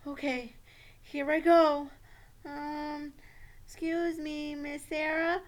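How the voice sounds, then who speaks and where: A woman's voice: high-pitched, level tone, slow pace. A woman voicing a timid, flustered young schoolboy puppet in a children's puppet show, stammering and hesitant. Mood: worried.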